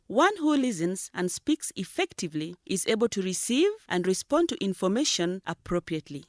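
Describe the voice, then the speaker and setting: Brief: female narrator, expressive pitch, dry close mic, light music bed. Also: dry recording. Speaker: program narrator. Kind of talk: scripted educational narration.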